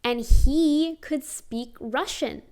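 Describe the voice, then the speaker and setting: A woman's voice: sits high, takes it slowly, dark tone. A young adult woman telling personal stories to camera in a casual, chatty way, with emphatic, sardonic asides. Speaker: vlogger.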